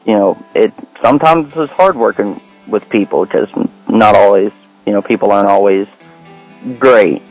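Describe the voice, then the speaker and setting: A man's voice: fairly low pitch, moderate pace, darkish tone, slightly rough, soft background music, rough recording. A man calling in to a radio show by phone, friendly and a bit hesitant, laughing shyly. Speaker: radio caller. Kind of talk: casual phone-in chat. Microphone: phone call.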